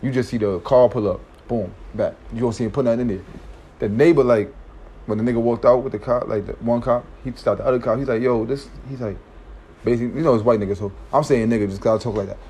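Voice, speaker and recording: A man's voice: mid-range voice, quick pace, darkish tone, a little hiss or hum. Male storyteller, casual slangy delivery, rambling, mid-range voice, keeps checking in with listeners.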